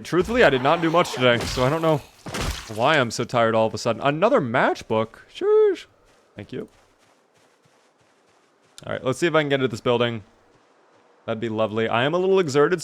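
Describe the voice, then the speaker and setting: A man's voice: mid-range voice, a bit bright. A tired young man streaming a survival game, chatting casually and thanking viewers by name. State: tired, yawning. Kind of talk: casual live-stream commentary.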